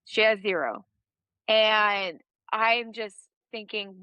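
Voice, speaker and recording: A woman's voice: medium pitch, normal speed, dry recording, highs cut off. A woman in her thirties, a podcast guest, telling a story in a casual interview and laughing often.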